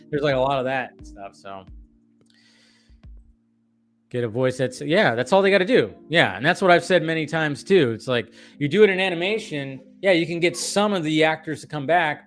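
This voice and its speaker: Male streamer, slightly high pitch, loose profane rambling delivery over faint music. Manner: animated, profane, rambling with restarts. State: tired and caffeinated. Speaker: film commentary streamer. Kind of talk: casual livestream rant.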